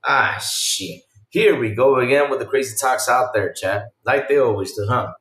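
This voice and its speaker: A man hosting a casual live-stream podcast, talking excitedly and loosely to his chat with lots of fillers. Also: medium pitch, normal speed, roomy sound.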